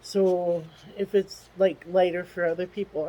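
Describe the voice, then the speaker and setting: Slow, tearful woman's video diary. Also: lowish voice, fairly even intonation, warm tone, poor audio. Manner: halting, with many ums and restarts. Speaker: vlogger.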